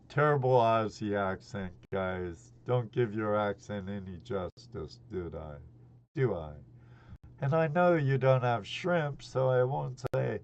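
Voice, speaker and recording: Slow, gravelly man in his sixties. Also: medium pitch, darkish tone, highs cut off. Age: 60s. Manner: greets chat viewers by name, rambling and chummy. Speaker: live-stream host. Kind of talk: casual live-stream chat.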